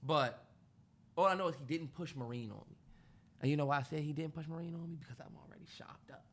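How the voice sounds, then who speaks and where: Podcast co-host, man, high bright voice, animated storyteller. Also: fast talker. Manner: animated storyteller acting out quotes. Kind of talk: casual chat.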